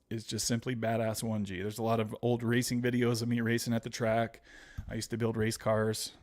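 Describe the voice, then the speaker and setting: A man chats casually on a livestream, his voice sitting at an ordinary middle pitch. He rambles from one story to the next and keeps turning to his viewers as guys. Now and then a laugh slips in. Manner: rambling, chatty, often addressing viewers as guys; laughs while telling stories. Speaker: livestream host.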